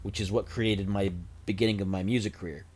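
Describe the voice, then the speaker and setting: This livestreamer, a man in his forties, has a somewhat low, slightly mellow voice and a flat, brisk delivery. Close to his desk microphone, he chats casually with his audience, drifting between topics with self-deprecating jokes.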